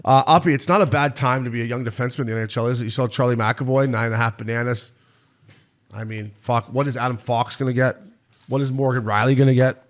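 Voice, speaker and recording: A man's voice: medium pitch, steady tone. A man in his thirties from Canada co-hosting a casual hockey podcast, joking and swearing freely. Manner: fast, profane, joking banter. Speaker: podcast co-host. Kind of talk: casual sports chat.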